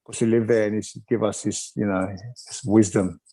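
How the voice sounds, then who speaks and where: A man's voice: fairly low pitch, steady tone, brisk, mellow, dry recording. A middle-aged man from Wales, a retired wrestler, reminiscing in a rambling, chuckling way with lots of filler phrases.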